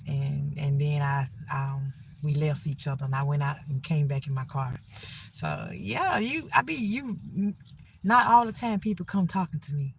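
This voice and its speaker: A woman's voice: low voice, lively intonation, moderate pace, gravelly, slight background noise. A middle-aged woman talking casually on a phone livestream, rambling earnestly about faith and getting by. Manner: rambling, faith-filled encouragement; plain-spoken, earnest.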